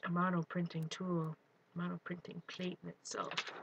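A woman hosting a live art stream, chatting excitedly as she works and greets viewers. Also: lowish voice, normal speed, creaky, dull audio, noisy background. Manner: excitable, talks while working, greets viewers. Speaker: art livestream host. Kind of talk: live crafting demo, chatty.

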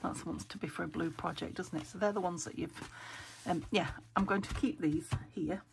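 A woman's voice: fairly low pitch, steady tone, moderate pace, vocal fry, noisy background. A woman from England chatting casually as she sorts craft papers. She thinks aloud and keeps dropping to a whisper because her voice is weak and she is saving her throat. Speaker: craft vlogger. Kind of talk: casual chat while sorting craft papers. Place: craft room at home. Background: paper crinkling and clicks.

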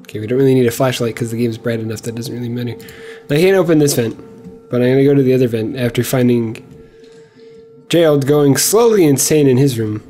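A young man gives let's play commentary on a horror game, rambling to himself with jokes and sarcasm. His mid-range voice has a dark tone and he talks fast, with faint music in the background.

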